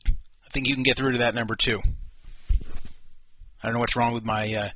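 A man's voice: medium pitch, little pitch movement, brisk. A man hosting an internet radio show by himself talks in a loose, rambling way, with restarts and wry jokes about himself. The sound is dry, with no room echo, and slightly muffled and lo-fi. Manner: casual, self-deprecating, rambling with restarts. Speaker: host.

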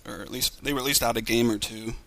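Gravelly-voiced man hosting a casual chat. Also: mid-range voice, steady tone, fast talker, bright, forceful tone. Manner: rambling, easygoing. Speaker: show host.

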